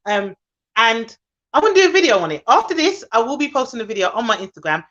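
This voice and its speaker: A woman with a Jamaican accent speaks in a high voice, heated and indignant as she makes her point in casual conversation. The audio is a little muffled and lo-fi, like a video call. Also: sing-song, fast, a bit bright. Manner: impassioned, indignant. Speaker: nanny podcast host.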